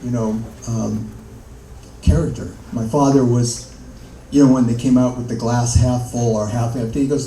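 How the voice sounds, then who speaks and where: An older man, an interview guest, telling his story in a halting way with many fillers and laughs. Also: mid-range voice, fairly even intonation. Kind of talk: conversational storytelling. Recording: echoey room, mic far off, faint noise.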